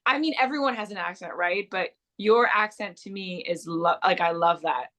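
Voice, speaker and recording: A woman's voice: fairly low pitch, normal speed, a bit bright. A woman from Quebec, an actress whose first language is French, chatting in an interview with a trained, nearly neutral American accent and frequent laughter. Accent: trained general American, light Quebec French traces. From Quebec, Canada. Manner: bubbly, laughs often, playful. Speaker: actress guest. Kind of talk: casual interview chat.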